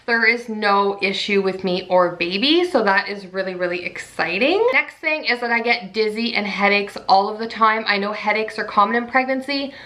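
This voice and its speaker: A woman's voice: mid-range voice, pushed and bright. A young pregnant woman in casual vlog chat, chatty and full of "like". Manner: chatty, says "like" often. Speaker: pregnancy vlogger.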